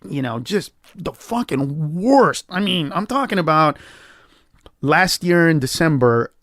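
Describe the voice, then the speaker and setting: A male comedian guest on a podcast tells his story emphatically, swearing freely and bursting into acted-out quotes. His voice sits fairly high for a man. The sound is dry and close, with no room around it. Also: expressive, measured pace, a bit bright, dry recording. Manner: emphatic and profane, acts out quoted lines with big pitch jumps.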